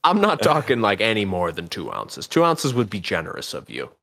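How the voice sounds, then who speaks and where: A man's voice: fairly low pitch, fairly quick, vocal fry. A man co-hosting a podcast in casual chat, playful and laughing often as he spins little scenarios. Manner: playful, laughs a lot, animated storytelling. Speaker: podcast co-host.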